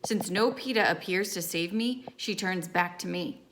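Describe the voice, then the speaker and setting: A woman reading a novel aloud in steady first-person storytelling. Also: on the low side, normal speed, a little hiss or hum. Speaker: audiobook reader.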